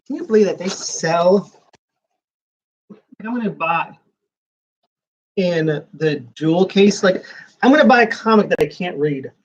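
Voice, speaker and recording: A man's voice: high voice, expressive, measured pace, long pauses. A man giving rambling live-stream commentary while flipping through a comics preview magazine, with sarcastic asides.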